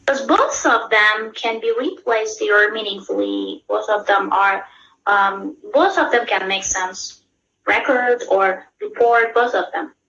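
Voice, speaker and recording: Persian-accented lady teaching an exam class, slow, keeps checking in with students, echoey room. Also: medium pitch, creaky, sharp tone, highs cut off, a little hiss or hum. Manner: explains patiently, checks in with students often. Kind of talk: live class explanation.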